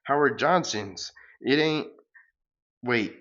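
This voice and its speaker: A man voicing a goofy, boastful male space surfer hero who talks in an excitable, mock-heroic way. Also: medium pitch, slow, muffled recording, pitched above the performer's own voice.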